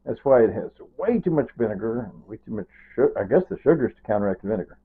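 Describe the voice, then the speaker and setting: A man's voice: medium pitch, expressive, quick pace, slightly rough. An older man rambling through a casual vlog monologue, repeating himself and drifting toward grief. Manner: rambling, repetitive, grieving and near tears. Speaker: vlogger. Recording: tinny phone-like sound.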